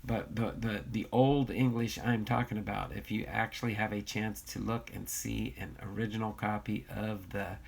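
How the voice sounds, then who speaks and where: A man's voice: lowish voice, steady tone, normal speed, vocal fry, few pauses, breathy edge. An American man hosting a casual livestream, reading viewer comments aloud and bantering, with a slightly nasal voice. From United States. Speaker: livestream host.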